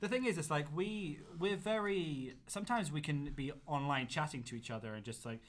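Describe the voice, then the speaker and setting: A young man, co-hosting a podcast, telling animated stories and laughing often. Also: fairly high pitch, brisk. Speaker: podcast co-host. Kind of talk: casual chat.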